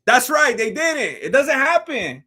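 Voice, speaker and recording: A man hosting a live stream, reacting to a fight with excitable, teasing commentary. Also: very high-pitched, measured pace, slightly rough. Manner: excitable, laughs often, teasing.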